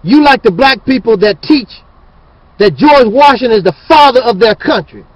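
Fiery preachy man with a high voice. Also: expressive, moderate pace, no echo, muffled recording. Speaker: channel host. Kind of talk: ranting monologue.

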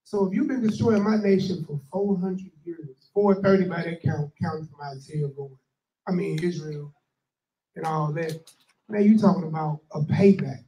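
A man reading scripture aloud in a sermon, declaiming the verses slowly, then adding his own comments. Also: a little high, mellow. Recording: echoey room.

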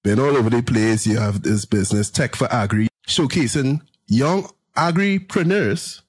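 A man hosts a relaxed, chatty interview podcast. His voice is slightly husky and sits at a middle pitch. He asks his questions easily and laughs along with his guest. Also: moderate pace. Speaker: podcast host. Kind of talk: casual interview.

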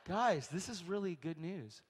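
Animated male preacher with a lively, swinging delivery, recorded in a big echoing hall. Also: high voice, unhurried, slight background noise. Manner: animated storytelling, acts out voices, shrieks in quotes. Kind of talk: sermon. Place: large church hall. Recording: long hall reverb.

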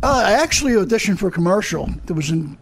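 A man's voice: high voice, very animated, fast, slight background noise. A man guesting on a comedy talk show, rambling and swearing as he defends himself. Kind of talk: casual talk show banter.

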